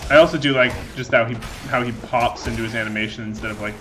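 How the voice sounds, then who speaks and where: A man's voice: medium pitch, steady tone, fast, few pauses, over music. A man giving loose, joking let's play commentary while he plays, often losing his train of thought. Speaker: gaming channel host.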